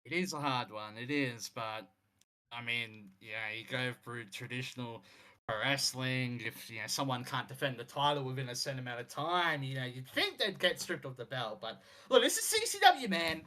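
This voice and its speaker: A man chats through a wrestling management game in casual commentary, enthusiastic and conversational. His voice is bright and carries some push. His pitch moves a lot as he talks. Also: lively intonation, normal speed. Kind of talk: casual let's play commentary.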